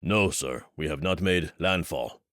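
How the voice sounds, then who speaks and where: A man's voice: extremely low pitch, a little slow, fairly bright tone, dry recording, studio quality. A man voicing a hulking, furious mercenary leader with a Finnish accent, in clipped, growling military radio talk. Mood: terse.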